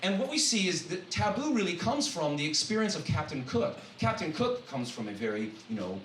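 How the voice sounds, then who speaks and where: A professor giving an animated, wisecracking sermon-style talk, his voice pitched a little high for a man. He sounds far from the mic in a roomy church hall, with a faint hiss behind him. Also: brisk. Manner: animated and joking, with frequent asides. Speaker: guest speaker and college professor.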